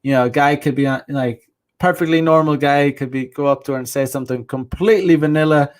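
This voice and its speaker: A man's voice: fairly high pitch, fairly even intonation, quick pace. A man hosting a casual livestream chat, talking bluntly with crude slang and rambling through many restarts. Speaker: host. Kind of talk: casual livestream chat, reading viewer comments.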